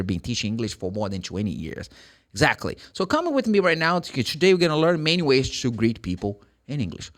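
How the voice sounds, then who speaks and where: Animated man teaching English. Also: medium pitch. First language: Portuguese. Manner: animated, emphatic, repeats example phrases. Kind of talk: energetic online English lesson.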